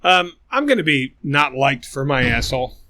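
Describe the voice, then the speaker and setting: A man's voice: mid-range voice, big pitch swings, normal speed, pushed and bright, no room sound, studio quality. Profane ranting Midwestern man. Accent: American Midwestern. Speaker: podcast co-host. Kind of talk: casual podcast banter.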